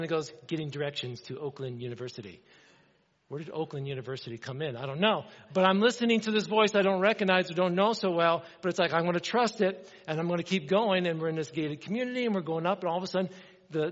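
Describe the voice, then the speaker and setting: A middle-aged man preaching a sermon, telling a story with animated energy and acting out the dialogue. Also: high voice, fast. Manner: animated, acts out dialogue in his stories. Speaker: pastor. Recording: dull sound with long hall reverb.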